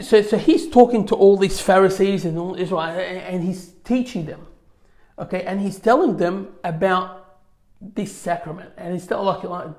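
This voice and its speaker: Guy teaching a church class off slides, kinda high voice, reads verses then riffs on them loosely. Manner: conversational, many fillers, reads scripture aloud. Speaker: religious teacher. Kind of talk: informal slide lecture on scripture.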